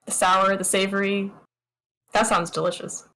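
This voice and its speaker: A woman chatting in a casual role-play, bubbly and excitable, riffing on ideas. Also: mid-range voice, normal speed, rough recording. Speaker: player and co-host.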